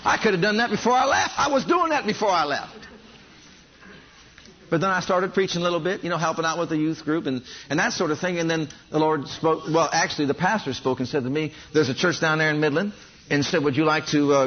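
Man, preacher, sermon, husky, slightly high voice, talks straight to the congregation, dull lo-fi sound. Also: quick pace. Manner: animated storytelling, addresses congregation directly.

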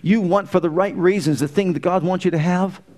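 A man's voice: high voice, fairly even intonation, a little fast, a little mellow. A middle-aged man preaching a sermon, folksy and humorous, asking the congregation rhetorical questions. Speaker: pastor.

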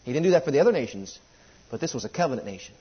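A man preaching a sermon, reading scripture slowly and swinging between loud, high declarations and low, quiet asides. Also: very animated, slightly rough. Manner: rising and falling preaching cadence, drawn-out scripture readings. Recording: muffled lo-fi sermon recording.

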